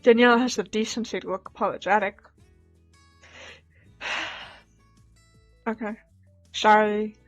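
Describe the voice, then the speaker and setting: A woman's voice: mid-range voice, fairly even intonation, measured pace, long pauses. A young woman streamer reading a dating game aloud, cutting in with wry, joking asides. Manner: wry, laughing asides between narration. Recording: slightly dull mic, soft game music.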